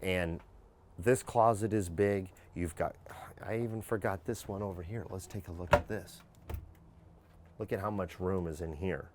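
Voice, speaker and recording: Upbeat lower-voiced man giving a coach tour. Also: moderate pace, background noise. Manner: upbeat salesman patter, repeats phrases. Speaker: salesman and show host. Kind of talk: walkthrough tour of a motor coach. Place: inside a luxury bus conversion coach.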